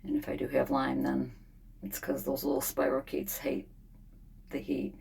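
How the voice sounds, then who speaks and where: A woman in her fifties, unwell and frustrated, talking in a rambling, weary way with many pauses in a casual diary vlog from a home sauna. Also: extremely low pitch, monotone, gravelly, a little mellow, a little hiss or hum. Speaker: vlogger.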